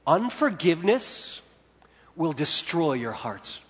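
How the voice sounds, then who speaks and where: A pastor delivers a sermon in a high voice, rising to loud peaks and dropping to near hushes. The sound rings with a long reverb from a large hall. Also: male voice, big pitch swings, takes it slowly, husky. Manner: preaching with swings between loud and hushed.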